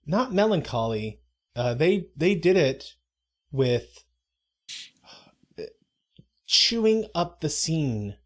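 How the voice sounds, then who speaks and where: With a fairly high, sing-song voice, this stream co-host drags out his words and leaves long pauses. He rambles casually in live commentary, breaking off mid-thought and adding mock-dramatic asides.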